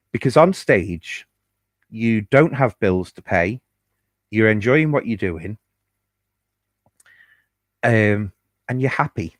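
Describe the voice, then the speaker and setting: Man, lowish voice, dry close mic, casual podcast storyteller with fillers and swearing. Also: no echo. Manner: chatty and candid, with fillers and swearing. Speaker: podcast host.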